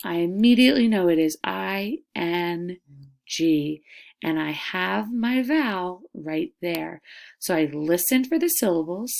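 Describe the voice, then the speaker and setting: Slow, gravelly-voiced woman teacher. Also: lowish voice, animated. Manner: slow, drawn-out syllables, modeling sounds out loud; upbeat, encouraging classroom tone. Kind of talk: recorded online lesson for young children.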